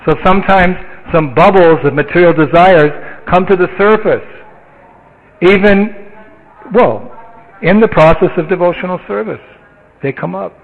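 Man preaching, chatty storyteller, kinda high voice, sounds like a phone line. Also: moderate pace, long pauses. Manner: storytelling, conversational, chuckling. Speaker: spiritual teacher. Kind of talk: sermon.

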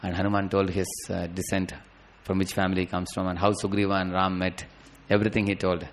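A middle-aged man telling a devotional story in an animated way, often adding a questioning "huh?". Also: deep voice, quick pace, slight background noise.

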